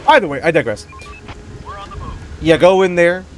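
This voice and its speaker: This gamer's voice sits high and sounds expressive, at a normal speed, with a little hiss or hum behind it. While playing, he rambles casually through stories and reactions, slangy and profane, calling everyone "brother."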